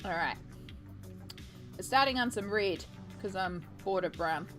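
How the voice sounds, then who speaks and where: Woman, casual chat, playful, mid pitch, soft music underneath. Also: lively intonation, a little slow. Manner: chatty, playful, teasing. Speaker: art streamer. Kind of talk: casual chat while painting.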